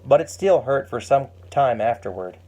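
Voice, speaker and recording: A man's voice: mid-range voice, lively intonation, moderate pace, mellow, lightly acted, low-quality recording. A man reading a patient, wise mother. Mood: gentle. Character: kind, wise mother calmly teaching her grown daughter.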